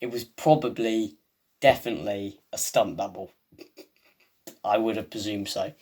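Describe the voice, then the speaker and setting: A man's voice: on the low side, moderate pace, a little mellow, husky. A man hosting a video, giving a rambling, casual recap of a TV episode full of "um" and "like". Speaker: video host.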